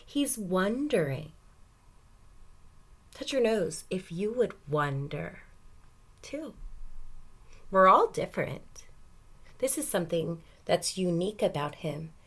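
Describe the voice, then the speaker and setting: A woman teacher reading a picture book aloud to young children, gentle and encouraging, stopping to ask questions. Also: lowish voice, big pitch swings, unhurried.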